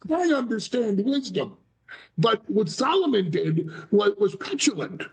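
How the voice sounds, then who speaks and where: A man's voice: high-pitched, very animated, a little slow. A man talking as a talk show guest, theatrical and bombastic, acting out voices in his stories. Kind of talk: animated talk show interview.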